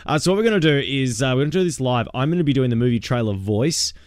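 A man's voice: medium pitch, lively intonation, quick pace, a little mellow, dry recording, studio quality. An Australian man in his thirties hosting a radio show, upbeat and chatty. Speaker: radio host. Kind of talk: casual radio banter. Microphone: studio broadcast mic.

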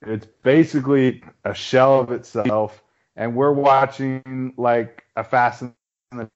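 A man's voice: medium pitch, steady tone, takes it slowly. Wry man on a dull lo-fi connection. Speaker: podcast co-host. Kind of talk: casual chat. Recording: dull lo-fi phone hotspot connection.

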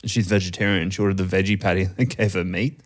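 A man, a podcast co-host telling a funny story in lively, sweary banter. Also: sits low, quick pace. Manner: animated, laughing, swearing storyteller. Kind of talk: casual podcast chat.

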